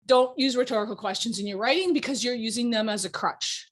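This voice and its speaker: A woman law professor giving a lecture, animated and exasperated, teasing her students. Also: a little high, fairly quick, hardly any pauses.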